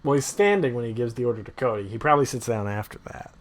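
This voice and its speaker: A young man hosting a podcast, chatting casually and ranting with animated, opinionated energy. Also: medium pitch, quick pace. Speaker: podcast host. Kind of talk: casual chat.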